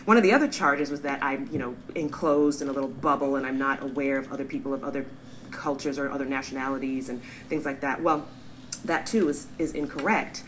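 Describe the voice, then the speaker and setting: A woman in her forties speaks straight into the camera, answering critics in a low, earnest voice. She defends herself and leans hard on key words. A faint hiss sits under the recording. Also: a little fast, rough recording. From born in England, raised in the US. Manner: earnest, defensive, animated emphasis. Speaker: vlogger, pediatrician. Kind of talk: direct-to-camera response video.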